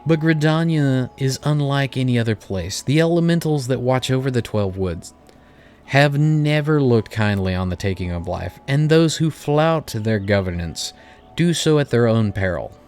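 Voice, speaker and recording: A man's voice: mid-range voice, expressive, normal speed, a little mellow, clean tone, faint music behind, lightly acted. Man reading as a long-winded guild receptionist. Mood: formal. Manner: reading game dialogue aloud in a stately tone.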